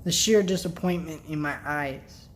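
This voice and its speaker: A vlogger in a casual rant to camera, upset and worked up, talking bluntly with some swearing and sighing pauses. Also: mid-range voice, slight background noise.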